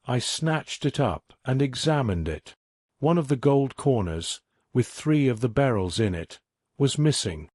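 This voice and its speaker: A man reading a classic mystery aloud as a sleep story in a measured, even way. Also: medium pitch, slightly rough, dry recording, studio quality. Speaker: audiobook narrator. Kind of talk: scripted sleep-story narration.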